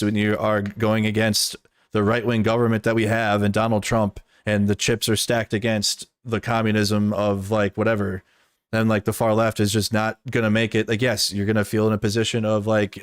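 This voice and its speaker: A man's voice: on the low side, flat delivery, moderate pace, no echo, studio quality. A man in casual stream commentary, talking in a blunt, rambling and profane way, with lots of "like".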